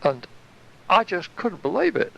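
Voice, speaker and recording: A man recounting his past in a recorded reminiscence, animated and casually swearing. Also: high-pitched, measured pace, gravelly, muffled recording.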